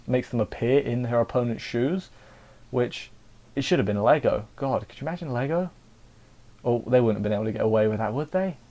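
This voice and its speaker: English male reviewer, casual and rambling, mid-pitched, chatty with lots of restarts. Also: a little mellow. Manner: rambling, chatty, self-interrupting. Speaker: anime reviewer.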